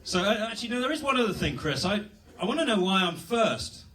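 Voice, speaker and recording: A man's voice: high-pitched, big pitch swings, fast, fairly bright tone, distant mic. A young British man doing a rambling, self-deprecating stand-up set at a comedy club. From Britain.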